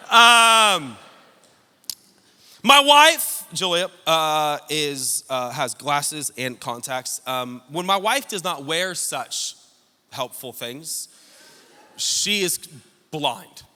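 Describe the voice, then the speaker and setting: High, bright-voiced joking preacher man. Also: takes it slowly. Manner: joking, storytelling preacher addressing congregation. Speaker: pastor. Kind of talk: sermon. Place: church service hall with congregation. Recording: long hall reverb.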